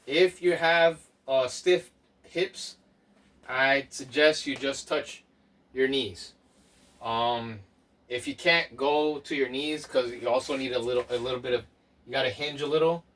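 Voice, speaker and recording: A man leading a home workout as a fitness instructor, counting reps aloud and giving slow, step-by-step tips. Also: medium pitch, fairly bright tone. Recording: voice from a distance off the mic.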